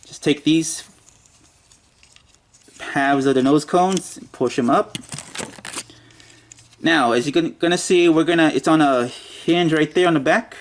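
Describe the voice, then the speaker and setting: A man's voice: on the high side, a little slow, pauses often. A man giving a casual toy review, muttering and joking to himself as he handles the figure.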